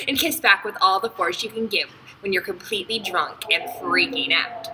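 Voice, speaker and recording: A woman's voice: on the low side, animated, normal speed, few pauses, pushed and bright, a little hiss or hum, rough recording. A young woman reading a fan fiction story aloud with friends, playful and laughing easily. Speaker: reader.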